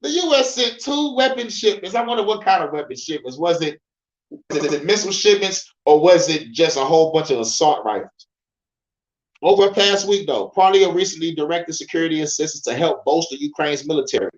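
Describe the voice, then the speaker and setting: A man's voice: a little high, brisk, lo-fi sound. Profane man reading news, echoey room. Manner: profane, laughing, stumbling reading. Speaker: podcast host. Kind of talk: casual commentary reading news aloud.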